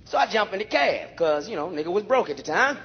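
A male stand-up comedian doing a brash, profane routine on stage, telling animated stories to a live audience. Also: sits high, fast. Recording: dull live recording with audience noise.

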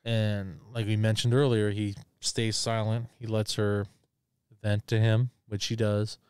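A man recaps a film in a loose, cursing ramble and acts out bits of scenes as he goes. His voice is smooth and clear, and the sound is dry and close. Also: lowish voice, level tone, measured pace, a little mellow, dry recording. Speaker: podcast co-host. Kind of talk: casual movie recap.

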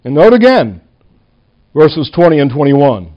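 Pastor guy preaching, kinda high voice, dull lo-fi church recording, leans hard on words. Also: big pitch swings. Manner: emphatic preaching, punching single words, slowing for weight. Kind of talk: sermon.

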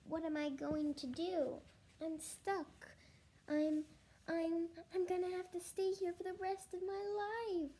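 A woman voicing a panicky, whiny schoolboy who pleads in a high, strained voice. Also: slow pace, warm tone, low-quality recording. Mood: pleading.

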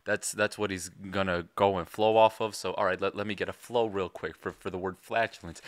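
A man's voice: low voice, fairly even intonation, brisk, few pauses, no echo. A man from Illinois giving casual reaction commentary, analytically breaking down rhyme schemes. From Illinois, USA. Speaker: reaction video host.

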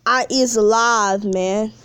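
With a fairly high, steady, fairly bright voice, a woman streams a mobile game from her phone and chats slowly with her viewers. She's slangy, calling them bro and man, and keeps complaining in a whiny way about lag. Her voice is smooth, with no echo.

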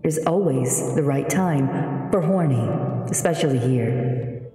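A woman's voice: deep voice, lively intonation, takes it slowly, warm tone. A woman streamer chatting casually with her live audience, giggly and playful. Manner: giggly, playful, thanks chat for bits. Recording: echoey with long reverb, background music.

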